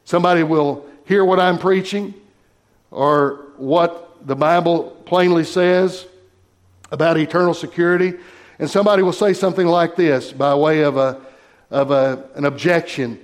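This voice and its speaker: A man preaching a sermon in an emphatic, measured way, slowing down to stress key phrases. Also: fairly high pitch, steady tone.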